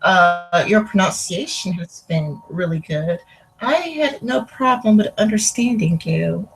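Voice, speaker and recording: A woman's voice: fairly low pitch, lively intonation, a little slow, a little hiss or hum, rough recording. A woman hosting a casual livestream interview, rambling with lots of fillers. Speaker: interview host.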